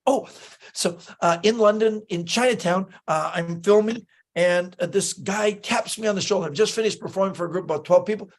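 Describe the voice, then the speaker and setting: Male guest-host, high voice, lively anecdotal storyteller who acts out dialogue. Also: a little fast, few pauses. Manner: animated storyteller, acts out quoted lines, many fillers and restarts. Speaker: magician telling stories on a talk show. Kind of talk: casual anecdotal chat.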